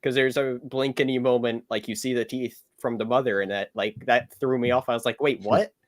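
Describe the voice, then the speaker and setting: A man co-hosting a casual fan review chat, animated, with hesitant restarts. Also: medium pitch, brisk. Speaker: podcast co-host.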